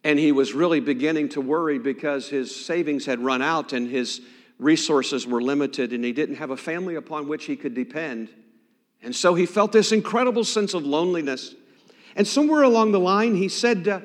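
A man preaching a sermon as pastor, swinging dramatically between loud emphasis and hushed near-whispers. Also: a little high, normal speed. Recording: long hall reverb.

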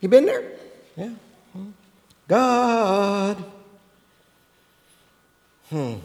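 A man's voice: high voice, drawn-out words, big-room sound. A man preaching a sermon, talking straight to his listeners and asking them questions, often restarting his sentences. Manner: animated, questioning the listeners directly, frequent restarts.

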